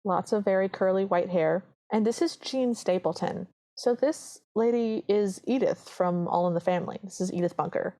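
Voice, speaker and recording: A woman with a mid-range voice co-hosts a podcast, talking at a normal speed with hardly any pauses. She's casually recapping a film, telling its scenes with lively energy and acting out the characters' quoted lines.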